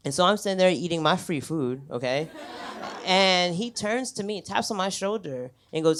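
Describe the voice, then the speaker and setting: A man's voice: a little high, moderate pace, a bit bright. A young man telling a stand-up story on a club stage, talking conversationally, chuckling between lines and swearing freely. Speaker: stand-up comedian. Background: audience laughter.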